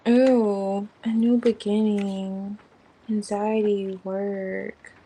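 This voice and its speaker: A woman's voice: mid-range voice, level tone, very slow, dark tone, a little hiss or hum, low-quality recording. A woman giving a casual tarot reading in an informal, slangy way, thinking aloud as she names the cards. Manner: rambling, thinking aloud while naming cards. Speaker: tarot reader.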